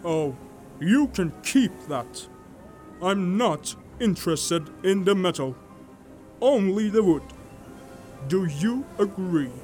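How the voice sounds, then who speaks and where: Composed male gentleman traveler, read by a man, measured and precise, slow. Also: sits high, expressive, soft background music. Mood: businesslike. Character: calm determined English gentleman traveler. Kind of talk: audiobook dialogue.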